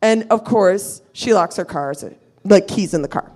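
A woman's voice: medium pitch, measured pace. Profane woman telling a wild story. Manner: profane, animated, acts out friends' voices. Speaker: storyteller guest. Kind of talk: live comedic storytelling. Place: live show venue.

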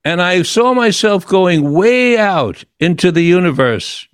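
Older man with a higher, dry voice. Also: sing-song, measured pace, clear, resonant tone, dry recording. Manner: earnest, reflective, with frequent restarts. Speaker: host. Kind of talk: personal storytelling in an interview.

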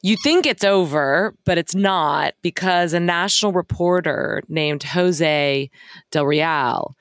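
A woman co-hosting a casual podcast, recounting events in a measured way from her notes. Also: fairly low pitch, dry recording, clean studio sound. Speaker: podcast co-host.

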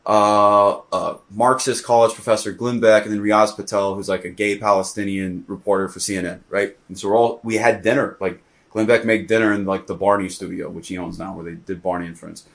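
Rambling, animated male podcast guest. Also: on the low side, a little fast. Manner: rambling, animated storytelling full of fillers. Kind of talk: casual conversation.

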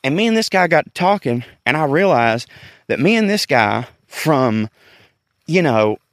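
A man's voice: fairly high pitch, very animated, measured pace, dry recording. Man, Southern US accent, casual podcast rant, rambling and candid, dry close sound. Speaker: podcast host. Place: outdoors in a park.

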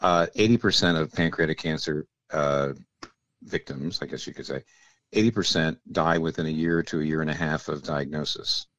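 Deep-voiced theologian man, teacherly. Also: steady tone, dry recording. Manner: measured, teacherly, often drops to a quiet aside. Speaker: theologian guest. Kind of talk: explanatory interview talk.

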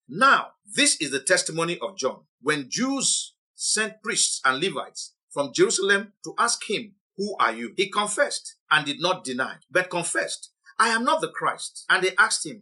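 A man's voice: a little high, sharp tone. A man teaching a sermon, reading scripture passages aloud and explaining them with emphatic delivery. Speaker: preacher.

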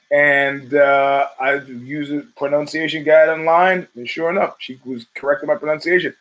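A man's voice: on the high side, fairly even intonation, normal speed, few pauses, a bit bright, rough recording. Rambling profane man telling stories. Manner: rambling, profane, storytelling with restarts. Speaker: podcast host. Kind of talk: casual monologue.

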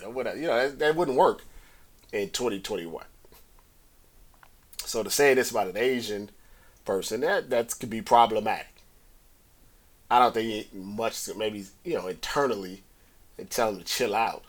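A man's voice: mid-range voice, normal speed, pauses often. A man hosting a podcast, talking through sports media in a casual, rambling way and pushing his voice up to stress a point. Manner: conversational, talks in circles, rising emphasis on key points. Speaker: podcast host. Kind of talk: casual solo commentary.

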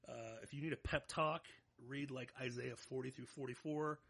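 At a moderate pace, a husky-voiced man with vocal fry and a mid-range pitch co-hosts a podcast. In his thirties, he keeps things casual and animated, joking around and pumping himself up.

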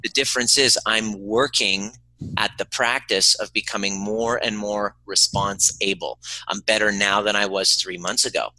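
A man's voice: lowish voice, steady tone, normal speed, pushed and bright, dry recording, rough recording. A man speaking as a podcast guest, earnest and emphatic, telling stories and acting out the dialogue. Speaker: podcast guest, emotional healing teacher. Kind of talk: conversational interview, storytelling.

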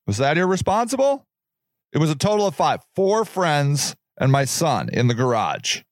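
A man in his forties talks on his own in a rambling, animated way, firing off rhetorical questions. His voice is fairly high for a man and swings widely in pitch. The sound is close and dry, with no room echo. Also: normal speed. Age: 40s. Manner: animated, exclamatory, full of restarts and rhetorical questions. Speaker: podcast host. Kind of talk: rambling solo monologue.

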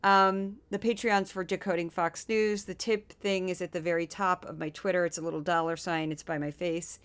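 A woman from Missouri hosting a podcast, talking casually with quick asides and then reading a scripted narration. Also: fairly low pitch, fairly even intonation, clear, resonant tone. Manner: chatty, quick asides, playful impressions. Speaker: podcast host.

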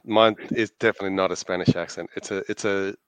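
A man's voice: low-pitched, fairly even intonation, fast talker, clean tone, dry recording. A man with an Australian accent co-hosting a casual podcast chat, hesitant and full of fillers, laughing easily. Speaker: podcast co-host.

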